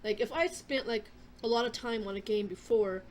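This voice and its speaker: A woman's voice: a little high, normal speed, darkish tone, a little hiss or hum. A young adult woman hosting a gaming vlog, chatting casually in a rambling way with many fillers and restarts. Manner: chewing a cough drop. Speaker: gaming channel host.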